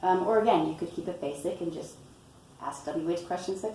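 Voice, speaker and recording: A woman reading a picture book aloud and explaining storytime tips in a patient way, often pausing with "um" and "you know". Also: lowish voice, dark tone, slight background noise. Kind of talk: instructional read-aloud tutorial. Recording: roomy, from a distance, faint ambience.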